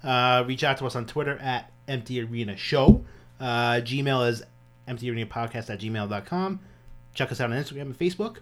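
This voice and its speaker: A man with a mid-range voice hosts a casual podcast. He speaks easily, pauses on fillers and wraps things up in a friendly tone. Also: mid-range voice. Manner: easygoing, hesitant with fillers. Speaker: podcast host. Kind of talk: casual chat.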